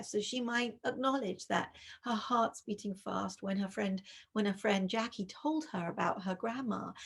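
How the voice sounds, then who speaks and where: Calm, measured woman with vocal fry, guest author guiding parents through a scenario on a video call. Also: medium pitch. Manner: calm, measured, addresses listener as "you".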